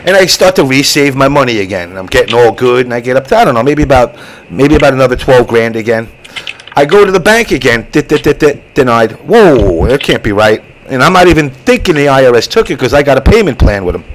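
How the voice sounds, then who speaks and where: Fast and medium-pitched, the host of a casual online show delivers an extended, foul-mouthed story brought to life with character voices. The recording sounds rough.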